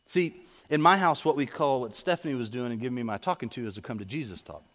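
A man's voice: medium pitch, quick pace, a bit bright. A man preaching a sermon as pastor, driving his points home with repeated questions and calls to come forward. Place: church sanctuary. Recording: echoey hall.

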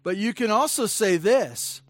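Male pastor, talky sermon delivery, slightly high voice, dry close recording. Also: expressive, measured pace, no room sound. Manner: conversational preaching with frequent fillers and restarts; rises to emphatic bursts on key points.

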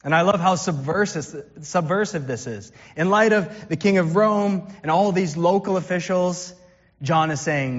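A man's voice: fairly high pitch, moderate pace. A man, preaching a conversational sermon and quoting scripture. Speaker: pastor. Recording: dull sound with long hall reverb.

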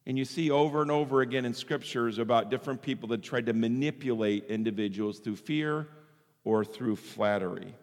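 A man preaching a sermon in an animated way, sometimes acting out the voices of the people he quotes. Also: medium pitch, a little fast. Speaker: pastor. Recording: long hall reverb.

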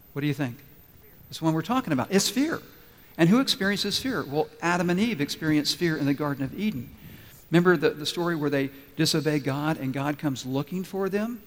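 Male pastor, sermon delivery, slightly higher voice, hall reverb, emphatic repeats. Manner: emphatic, repeats key phrases slowly. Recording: long reverb of a large hall.

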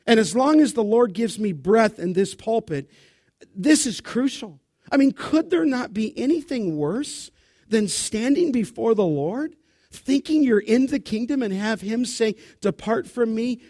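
Intense high-voiced preacher, dry sound. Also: male voice, a little mellow, no echo. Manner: intense, emphatic, addresses the congregation directly. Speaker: pastor. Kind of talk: expository sermon. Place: church sanctuary.

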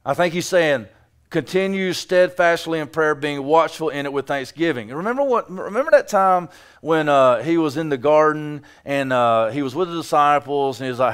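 A man preaching a sermon in a conversational, joking way, with sudden loud bursts. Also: medium pitch, lively intonation, fairly quick, clean tone. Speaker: pastor.

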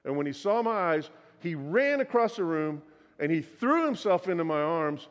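A middle-aged pastor preaching a sermon, telling a personal story in an earnest voice that often drops to a quiet, confiding tone. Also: male voice, on the high side, big pitch swings, normal speed. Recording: long hall reverb.

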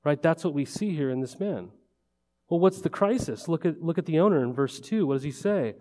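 A male pastor preaching in a relaxed, talky way, pitched a little high for a man but with a warm, mellow tone. He keeps checking in with the room through rhetorical questions. The sound hangs in the long reverb of a large church hall. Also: brisk. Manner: conversational, full of rhetorical questions and "right?". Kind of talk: sermon.

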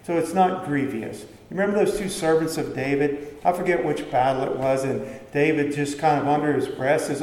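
Speaking briskly with hardly any pauses, a male preacher delivers a conversational sermon, asking his audience questions and then answering them. His voice is on the high side, steady and darkish, with slight background noise and faint ambience in an echoey hall.

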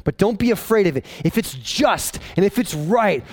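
A pastor preaching with a high, bright-toned male voice. He talks in an animated way and often restarts or repeats phrases. The sound is dry and close, with no room echo. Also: moderate pace. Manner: animated, acting out voices of people in the story. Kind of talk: sermon.

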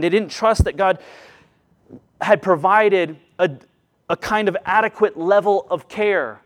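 A middle-aged man preaching a sermon as pastor, earnest, acting out quoted voices and swinging from loud emphasis to hushed asides. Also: high voice, unhurried.

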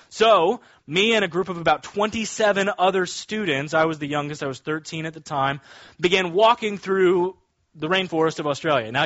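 A male pastor with a high voice delivers a sermon, moving from a casual story into forceful, drawn-out readings of scripture. The sound is dry and close, a little muffled. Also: dry recording.

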